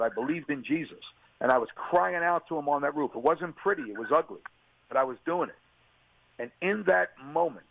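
A man's voice: medium pitch, vocal fry, dry recording. A man, an interview guest, giving an earnest and emotional personal testimony on a radio call. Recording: tinny phone line, dry.

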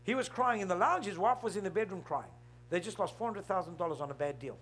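A male pastor preaching an emphatic, animated sermon, often breaking in with "hello?". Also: sits high, fast talker, slight background noise.

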